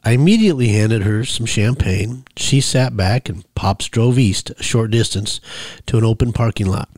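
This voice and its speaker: A man reading his own story in the first person, measured and commanding when he voices himself. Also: fairly low pitch, darkish tone, no echo, clean studio sound. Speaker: memoir narrator.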